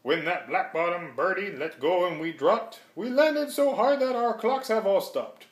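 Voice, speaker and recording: A tiny, polite mayor, as a man puts him on, piping high and earnest as he speaks up from his speck of a town. His voice swoops up and down with a lively lilt, and it rings in a roomy, echoing space. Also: a little slow. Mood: shaken. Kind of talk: storybook read-aloud. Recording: roomy echo.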